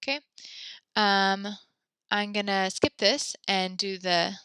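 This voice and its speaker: Bright, clear-voiced woman teaching French. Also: mid-range voice, a little slow, dry recording. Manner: upbeat, spells letter by letter, talks to students. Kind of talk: online class lesson. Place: home.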